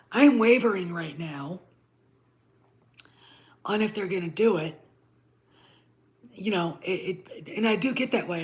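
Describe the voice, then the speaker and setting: A middle-aged woman hosting her own channel, ranting bluntly with frequent swearing and repeated "okay?" checks. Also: fairly low pitch. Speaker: channel host. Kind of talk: ranting commentary to camera.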